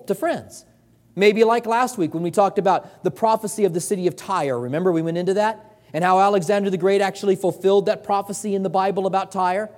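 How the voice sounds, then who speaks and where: High-voiced pastor preaching in a hall. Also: male voice, a little mellow. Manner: earnest, conversational preaching with emphatic repetition. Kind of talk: sermon.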